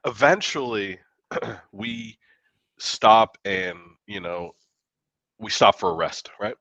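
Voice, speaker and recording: A man, a guest author from the United States, telling a story in a podcast interview with lively, profane, acted-out quotes. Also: fairly low pitch, slow pace, no echo.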